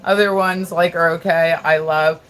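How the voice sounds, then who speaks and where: A woman's voice: fairly low pitch, fairly even intonation, normal speed. Blunt, rambling American woman streamer. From United States. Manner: rambling, blunt, swears, repeats herself. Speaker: livestream host. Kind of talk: casual live-stream chat.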